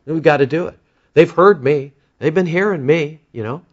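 A man preaching a sermon to his church congregation, surging loud on key words and then dropping low and soft. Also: normal speed, highs cut off. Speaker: pastor. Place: church sanctuary.

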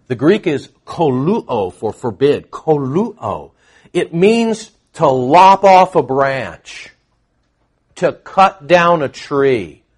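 A middle-aged man preaching a verse-by-verse sermon, moving between quiet explanation and loud, emphatic bursts. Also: a little high, slightly rough. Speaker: pastor. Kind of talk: expository sermon.

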